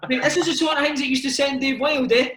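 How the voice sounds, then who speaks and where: A Scottish ex-footballer in his thirties tells dressing-room stories in a loose, swearing, matey way. His voice sits high for a man. The room echo is noticeable. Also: steady tone, quick pace, bright, forceful tone. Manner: swears freely, calls listener mate. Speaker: former footballer, interview guest. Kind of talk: casual anecdotal chat. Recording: roomy echo.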